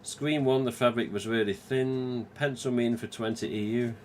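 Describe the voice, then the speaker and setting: A man's voice: mid-range voice, fairly even intonation, normal speed, a little hiss or hum. A man from England hosting a live stream, chatting casually, swearing freely and laughing often. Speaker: livestream host.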